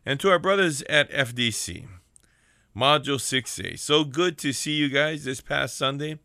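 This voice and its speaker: A man hosting a prison ministry radio show, preaching fervently and calling for amens between shout-outs. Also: mid-range voice, moderate pace, vocal fry, no room sound, clean studio sound.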